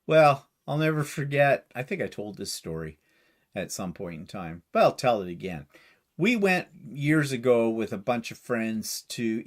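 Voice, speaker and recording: Chatty storytelling man, lively pitch. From Canada. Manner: chatty storyteller, laughs easily. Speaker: co-host. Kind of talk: casual livestream chat.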